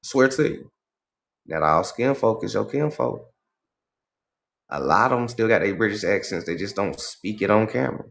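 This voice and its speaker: A man hosting a livestream in casual commentary, talking in an animated, profane way and asking "right?" again and again. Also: lowish voice, normal speed, vocal fry, long pauses. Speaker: livestream host.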